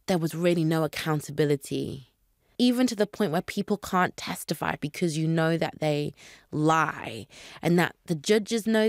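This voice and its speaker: A woman's voice: fairly low pitch, no echo, studio quality. A woman with a British accent who grew up in the UK, talking earnestly and reflectively as a guest on a podcast interview. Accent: British English. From Nigeria, grew up in the UK. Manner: earnest, reflective, animated when indignant. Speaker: actor guest.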